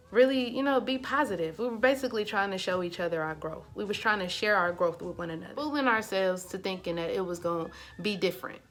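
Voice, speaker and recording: A woman's voice: mid-range voice, a bit bright. Chatty woman telling a storytime. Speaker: vlogger. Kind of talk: casual storytime.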